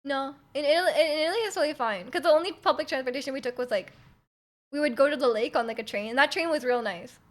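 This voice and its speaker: A young Canadian woman with a high, light voice chats casually on her stream. She rambles through stories with plenty of fillers and giggles, and she talks close to a desk mic. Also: fast. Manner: rambling, many likes and ums, giggly. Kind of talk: casual chat.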